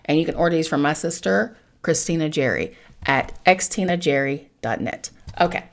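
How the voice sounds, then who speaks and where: A woman hosting a podcast, giving a casual tarot reading in an animated, profane way, with loud bursts and low asides. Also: moderate pace, a little hiss or hum.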